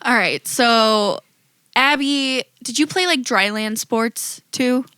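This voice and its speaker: A woman co-hosting a podcast, telling stories in an animated, expressive casual chat. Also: on the high side, slow pace, clean tone, no echo, low-quality recording. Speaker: podcast co-host.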